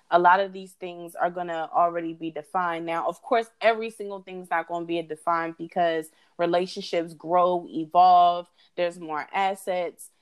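A young adult woman co-hosting a podcast, giving relationship advice in a casual, reflective way with drawn-out phrasing. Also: on the low side, smooth. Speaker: podcast co-host. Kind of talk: casual chat.

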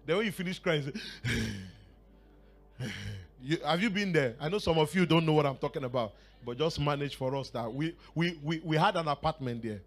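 A man with a Nigerian accent preaching a sermon in church, telling a personal story with laughter and shouted exclamations. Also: on the high side, fairly quick.

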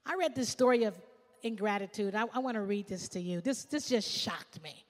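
A woman pastor preaching a sermon, swinging from shouts to hushed asides. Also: medium pitch, expressive, fairly quick, long reverb tail.

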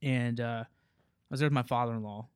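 A man's voice: medium pitch, steady tone, fairly quick, clean tone, dry recording, clean studio sound. A man from Memphis, telling self-deprecating stories in a casual chat and laughing often. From Memphis, USA. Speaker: guest storyteller.

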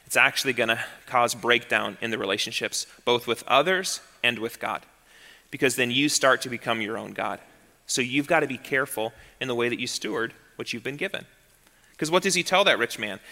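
A man preaching a sermon as a pastor, emphatic and swinging to soft, low tones. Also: a little fast. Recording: long reverb of a large hall.

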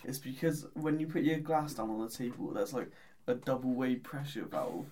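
A man's voice: mid-range voice, moderate pace, dark tone, a little hiss or hum. A man, telling joking, rambling workplace stories in a casual podcast chat. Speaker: podcast co-host.

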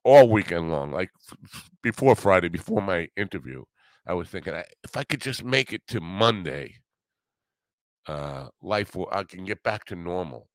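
Deep-voiced man hosting a rambling podcast. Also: lively intonation, normal speed, dry recording. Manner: gloomy, self-mocking, crude jokes. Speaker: podcast host. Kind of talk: casual rambling chat.

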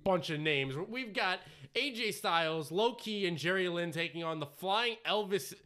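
A man's voice: high-pitched, lively intonation, normal speed, bright, forceful tone. A man co-hosting a casual review podcast, recapping with profane asides and mocking quotes. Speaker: podcast co-host.

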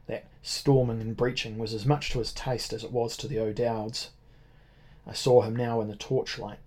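Guy reading an adventure book, warm low tone, steady pace. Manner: measured first-person storytelling. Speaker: audiobook narrator. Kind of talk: scripted narration.

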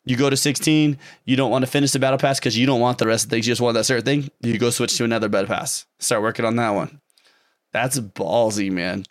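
A man's voice: medium pitch, fast talker. Guy co-hosting a gaming stream, hyped up and rambling, medium voice, laughs a lot. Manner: excitable and rambling, laughs often. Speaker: co-host of a gaming stream show. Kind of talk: casual chat.

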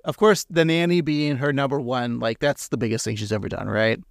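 A man's voice: medium pitch, fairly even intonation, fairly quick, gravelly, no room sound, studio quality. A man co-hosting a casual podcast, rambling and joking, laughing often. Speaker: podcast co-host.

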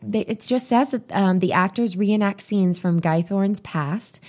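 A woman's voice: mid-range voice, measured pace, darkish tone. A woman co-hosting a podcast, chatting casually and rambling as she reads items off a list. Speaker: podcast co-host. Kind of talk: casual chat.

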